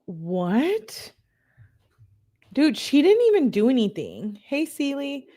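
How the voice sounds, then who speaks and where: With a high voice, slow delivery, dark tone, and wildly swooping pitch, a young woman reads text messages aloud for true-crime commentary. She giggles, chats, and jokes between the messages.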